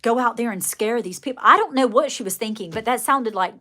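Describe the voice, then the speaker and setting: Chatty woman livestreamer, slightly high voice. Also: expressive, fairly quick, pushed and bright. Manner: chatty, rambling, full of fillers and restarts; folksy, addresses viewers directly. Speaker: live streamer. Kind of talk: casual live-stream storytelling.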